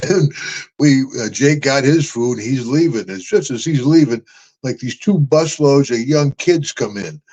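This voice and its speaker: A man's voice: medium pitch, unhurried, slightly rough, poor audio. Older American man telling road stories. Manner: animated storyteller, chuckling, calls people brother. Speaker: guest. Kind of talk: storytelling interview.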